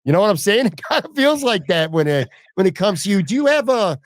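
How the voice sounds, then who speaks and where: A man's voice: high-pitched, sing-song, quick pace, no echo, studio quality. A man hosting a casual podcast interview, asking long rambling questions with speech. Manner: chatty, rambling questions with fillers. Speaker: podcast host.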